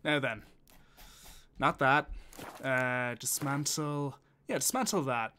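A man's voice: mid-range voice, takes it slowly, pushed and bright, slight background noise. A man, chatting and swearing casually as he thinks aloud while playing a game on stream. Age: 20s. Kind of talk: casual gameplay commentary.

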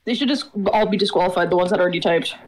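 A woman's voice: fairly low pitch, rapid-fire, crowd noise, rough recording. A woman chatting as a co-streamer, dry and sarcastic, swearing casually. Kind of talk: casual game stream chat.

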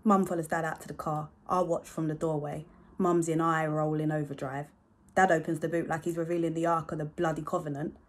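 A sardonic young narrator, played by a woman, tells a family tale in dry, grumbling asides. The voice sits a little low and has a husky grain. It is a solo stage monologue. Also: level tone, fairly quick. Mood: wry. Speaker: stage actor.

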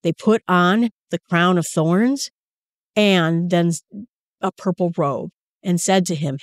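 A woman teaches scripture in a relaxed, conversational way and wanders into personal anecdotes and asides. Her voice sits a little low for a woman. The recording is dry and close, with no room sound. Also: takes it slowly, dry recording. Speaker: Bible teacher and podcast host. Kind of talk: casual Bible teaching with personal stories.

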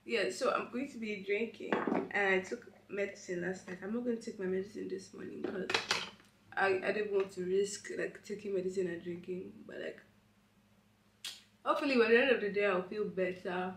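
Hoarse, chatty woman vlogging. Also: medium pitch, steady tone, moderate pace, very noisy. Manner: chatty and rambling, many fillers. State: hoarse from a cold. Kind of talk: casual get-ready-with-me vlog. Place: indoor room, doing makeup. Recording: roomy echo.

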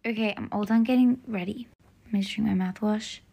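A woman's voice: medium pitch, steady tone, brisk, vocal fry, mellow, husky. A woman playing a sulky, sarcastic teen sister. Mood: scheming. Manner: sulky, sarcastic and eye-rolling. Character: bratty, bored teenage older sister. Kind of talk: voiced toy-game role-play.

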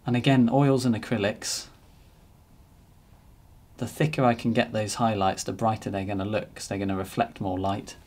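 A man narrating a painting demonstration as he works, relaxed and thinking aloud. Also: fairly low pitch, normal speed. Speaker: painting teacher.

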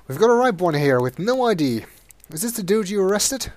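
A man's voice: high-pitched, big pitch swings, a little fast, a little mellow, no echo, pitched above the performer's own voice. A man doing a slangy, chummy cop. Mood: casual. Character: casual, friendly male police officer.

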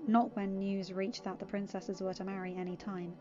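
A woman narrating a fan story aloud in a steady, expressive reading. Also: medium pitch, normal speed, lo-fi sound, over music. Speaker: reader.

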